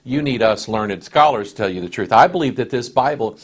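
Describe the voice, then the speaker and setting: A man's voice: medium pitch, lively intonation, fairly quick, husky. A man, a pastor, leading a Bible study. He reads scripture with rising force and talks to the room in conversational asides.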